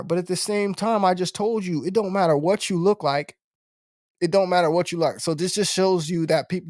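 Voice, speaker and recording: A man's voice: on the high side, darkish tone, no room sound, studio quality. A man hosting a live-stream podcast, talking bluntly and preachily, with lots of swearing and repeated tag questions. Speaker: podcast host.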